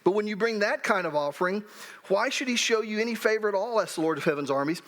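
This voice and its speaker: A man's voice: high-pitched, animated, fast talker, fairly bright tone. A middle-aged man pastor giving a sermon in a church, talking in a conversational way with frequent restarts. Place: church sanctuary.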